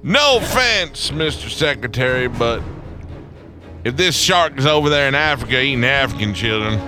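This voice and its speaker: A man voicing a condescending older male army general at a conference, speaking in a slow, pointed way. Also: mid-range voice, animated, sharp tone, soft background music, pitched above the performer's own voice.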